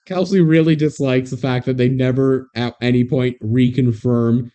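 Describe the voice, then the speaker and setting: A podcast co-host with a mid-range, mellow voice, chatting casually about a movie. The delivery is dry, with wry one-liners dropped between scene recaps. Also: medium pitch, fairly even intonation, normal speed.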